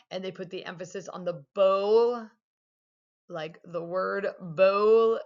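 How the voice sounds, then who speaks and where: Woman teacher, low voice, casual chatty explaining, dull lo-fi sound. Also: a bit bright. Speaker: math teacher. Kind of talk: recorded video lesson.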